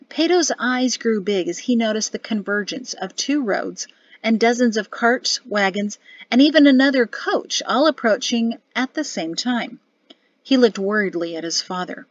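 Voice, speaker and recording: A woman narrating a novel as an audiobook in an even storytelling delivery. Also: medium pitch, no room sound, lo-fi sound. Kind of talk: scripted narration.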